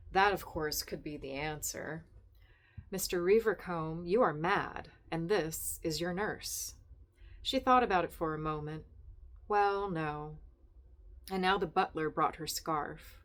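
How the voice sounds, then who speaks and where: A woman's voice: sits low, fairly bright tone. A woman hosting a book podcast at home, chatting in rambling asides and then reading a story aloud. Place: at home with her cats.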